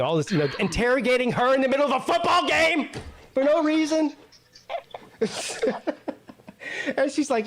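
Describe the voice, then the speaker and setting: A man hosting a talk show, telling a casual story in an animated, profane way and acting out both sides of an argument. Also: very high-pitched, moderate pace, pauses often. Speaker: host.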